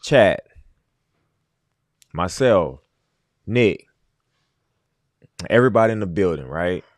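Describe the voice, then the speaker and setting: Low-voiced man hosting a livestream. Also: lively intonation, takes it slowly, no echo, clean studio sound. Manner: emphatic, repeats his points. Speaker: livestream host. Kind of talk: casual livestream commentary.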